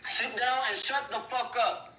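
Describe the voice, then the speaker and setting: A man's voice: extremely high pitch, fairly even intonation, a little slow, sharp tone, exaggerated voice. A blunt, steadying young man. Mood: firm. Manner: firm and blunt, swears to make a point.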